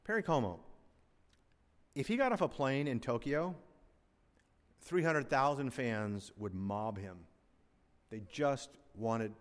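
An older man preaches in a church sanctuary, his voice neither high nor low. He is animated, swinging between loud emphatic lines and quiet asides. The sound trails off in the long reverb of a large hall. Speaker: pastor. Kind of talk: sermon.

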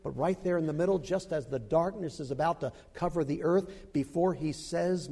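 An older man preaching a dramatic sermon who breaks into loud, shouted quotations. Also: on the high side, fairly quick, vocal fry, long reverb tail.

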